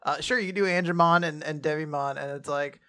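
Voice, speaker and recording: A young man co-hosting a casual manga recap, animated, often laughing and acting out quoted lines. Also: a little high, a little fast, smooth. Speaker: podcast co-host.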